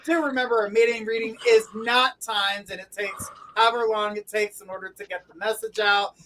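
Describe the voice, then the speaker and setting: A woman hosts a late-night live stream as a tarot reader. She talks to viewers in a bright, mid-pitched voice, encourages them and laughs easily. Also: steady tone, brisk, slight background noise, low-quality recording. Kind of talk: live-stream chat and joke telling.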